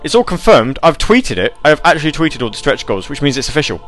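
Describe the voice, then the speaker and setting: A man hosting a casual live radio show, rambling and animated as he reads chat messages and tells stories. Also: fairly high pitch, fast, soft background music.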